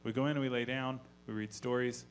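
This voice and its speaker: Deadpan man telling stand-up stories. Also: mid-range voice, fast, a little hiss or hum. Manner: deadpan storytelling, profane asides. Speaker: stand-up comedian. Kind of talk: stand-up comedy set. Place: live comedy venue on stage.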